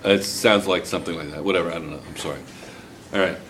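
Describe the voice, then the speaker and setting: A man's voice: low-pitched, fairly even intonation, fast. Older male chemistry teacher, wry classroom lecturer, light background hiss. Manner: joking, teasing students while explaining.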